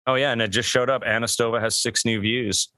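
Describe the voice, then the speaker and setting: An upbeat man co-hosting a podcast, joking and eager as he talks. His tone is bright and forward. The recording is dry. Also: medium pitch, steady tone, fairly quick, no room sound. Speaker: podcast co-host. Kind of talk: casual chat.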